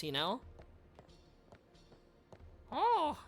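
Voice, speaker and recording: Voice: mid-range voice, animated, normal speed, fairly bright tone, soft background music. A game streamer chatting casually while playing, rambling with stammered restarts, crude slang and frequent laughter. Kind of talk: casual let's-play commentary while reading game dialogue.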